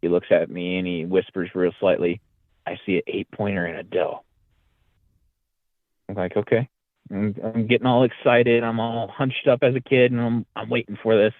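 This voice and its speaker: A little fast and lowish in pitch, this man is a podcast guest who tells his story casually and acts out what people said in a lively retelling. Without any room sound, the line has a dry, tinny, phone-like quality.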